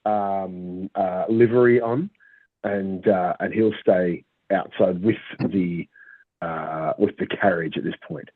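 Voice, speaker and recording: Husky guy player, halting, sounds like he's on a phone line. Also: deep voice, steady tone. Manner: halting, thinking aloud. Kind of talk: tabletop role-play. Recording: tinny phone-like call line.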